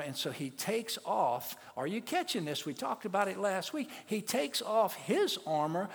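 A pastor preaching a sermon, telling a story and rousing the congregation to repeat after him. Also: male voice, high-pitched, sing-song, normal speed, creaky, hardly any pauses. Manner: storytelling, building to call-and-response shouts. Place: church sanctuary. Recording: long church reverb.

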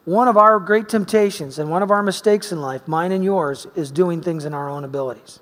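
Male preacher, high-pitched, lively storyteller who shifts from loud to hushed; large echoing hall. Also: a little fast. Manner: animated storyteller, swinging between loud emphasis and quiet asides. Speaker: pastor. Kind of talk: sermon with personal storytelling. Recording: long reverb of a large hall.

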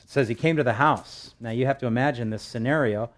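Brief: male preacher, mid-pitched, emphatic sermon delivery with loud peaks. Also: fast, few pauses. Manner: emphatic, rising to loud stresses. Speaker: pastor.

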